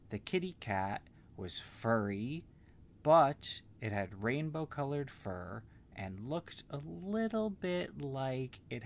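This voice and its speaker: A man telling an improvised bedtime story to a child in a gentle, meandering way with simple words. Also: lowish voice, a little hiss or hum.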